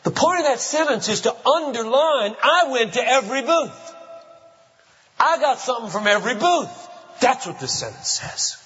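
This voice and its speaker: Pastor guy preaching hard, high lively voice, long church echo, kinda muffled. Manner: emphatic preaching with slow stressed phrases. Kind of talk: sermon. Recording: muffled hall reverb.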